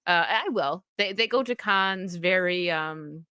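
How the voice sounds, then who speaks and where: A chatty woman hosting a casual stream, upbeat and quick to laugh, often restarting her sentences. Her voice is bright and forward, caught close on a dry, dead-sounding mic. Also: on the low side, clean tone, dry recording. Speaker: livestream host reading chat. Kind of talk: casual chat.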